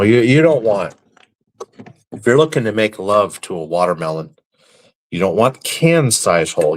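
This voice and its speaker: A man hosting a live stream, reading viewer comments aloud and answering them with deadpan, crude, mock-serious jokes. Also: fairly low pitch. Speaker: livestream host reading chat. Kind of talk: casual live-stream banter.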